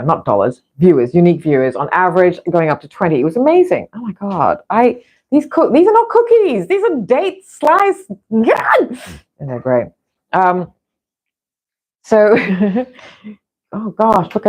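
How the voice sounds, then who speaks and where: A woman's voice: on the low side, darkish tone. A middle-aged woman vlogger chatting casually in a rambling way, with frequent restarts. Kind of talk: casual chat.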